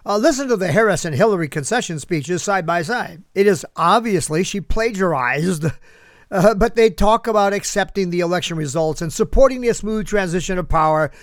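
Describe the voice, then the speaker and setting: Man, high-pitched, sarcastic, commentary host, dry recording. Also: lively intonation, moderate pace, dry recording. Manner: sarcastic, talks back to an unheard listener. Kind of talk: political commentary.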